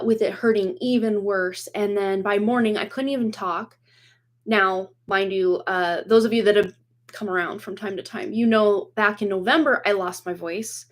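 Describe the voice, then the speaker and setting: A tarot reader in her forties hosts a livestream from a home room with dog toys and boxes behind her, using her computer webcam as the mic. Her mid-range voice is slightly hoarse from a cold as she chats casually and rambles, with many fillers and frequent laughs.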